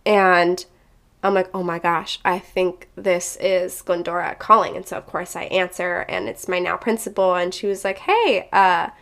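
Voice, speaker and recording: A young woman, a teacher, casually telling viewers a personal story in a chatty, animated way. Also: lowish voice, normal speed, creaky.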